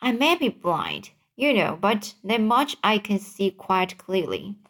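A woman's voice: mid-range voice, wildly swooping pitch, slow, fairly bright tone, exaggerated voice. Gloomy blind earthworm, as a woman reads him. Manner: mournful, complaining. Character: gloomy blind male earthworm, doom-saying.

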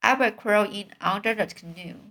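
A woman's voice: medium pitch, normal speed, fairly bright tone, close to an everyday voice. A woman voicing a small, fussy mouse boy who is heartbroken, reading his lines aloud from a storybook in her own everyday voice. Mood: stiff.

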